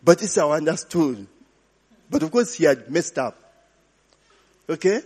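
Slow husky pastor preaching. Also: male voice, a little high, big pitch swings, a little mellow. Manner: call-and-response, repeating hallelujah and glory be to God. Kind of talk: sermon. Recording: long hall reverb.

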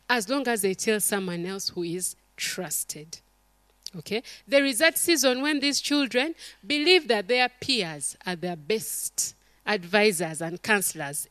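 A woman's voice: fairly high pitch, no room sound. A middle-aged woman, preaching a sermon to a congregation and acting out stories and quotes. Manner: animated storytelling, acts out quotes, calls to the congregation.

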